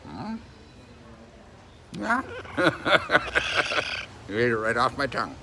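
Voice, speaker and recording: A man coos at his pet parrot in a gentle, sing-song manner, his pitch swooping wildly up and down. His voice is gravelly and unhurried. Clear background noise runs under the recording. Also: huge pitch swings. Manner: coaxing, sing-song pet talk with playful questions. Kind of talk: affectionate talk to a pet bird.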